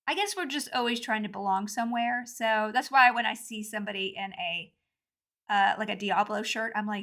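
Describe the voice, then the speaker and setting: A woman's voice: a little high, fairly quick. A woman in her thirties hosting her own podcast, chatting casually and poking fun at herself, recorded at home rather than in her sound booth. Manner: chatty, self-deprecating, animated. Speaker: podcast host. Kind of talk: casual solo podcast chat. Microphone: home recording, not in booth.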